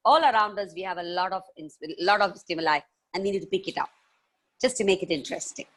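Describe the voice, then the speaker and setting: A woman tells stories to schoolchildren over a video call. She is lively and playful, breaking into chants, animal noises and laughter. Her delivery is expressive and engaging. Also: medium pitch, quick pace. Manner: animated, playful, makes sound effects. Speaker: children's storyteller and author. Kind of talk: live storytelling session for children.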